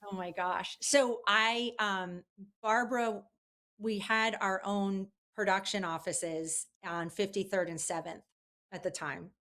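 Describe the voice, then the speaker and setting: A woman guest in a casual interview, telling an animated story with lots of fillers. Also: mid-range voice, takes it slowly. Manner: chatty, animated, many fillers. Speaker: guest, publicist.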